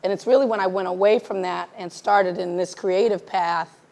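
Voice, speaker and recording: Her voice runs on the low side, at a moderate pace. A woman film director appearing as an interview guest at a live audience event, she talks casually and performs the dialogue within her lively anecdotes.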